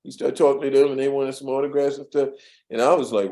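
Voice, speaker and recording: Rambling man with a mellow voice. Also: mid-range voice, steady tone, fast talker, low-quality recording. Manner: rambling, many fillers and restarts, laughs at his own stories. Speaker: former studio assistant, interview guest. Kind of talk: storytelling interview.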